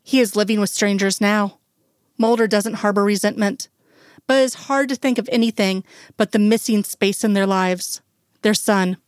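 Woman reading a story, soft and slow, mid voice, dry close sound. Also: mid-range voice, no room sound. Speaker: reader. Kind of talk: reading fan fiction aloud.

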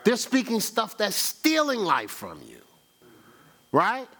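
A man preaching a sermon, firing rhetorical questions at the congregation and reading scripture aloud. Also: high-pitched. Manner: animated preaching with rhetorical questions and call-and-response; reads scripture aloud in a slow cadence. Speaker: pastor.

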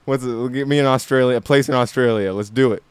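A young man hosting a podcast, joking around in quick, riffing banter. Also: medium pitch, clear, resonant tone, dry recording. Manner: jokey, riffing, quick asides. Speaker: podcast host.

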